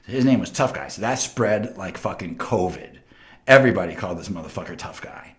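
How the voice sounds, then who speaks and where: A man's voice: low voice, fairly quick. A man from Long Island with a New York accent, hosting a show and telling stories in a boastful, profane, casual way. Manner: animated, boastful, heavily profane. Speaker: host. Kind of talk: casual storytelling.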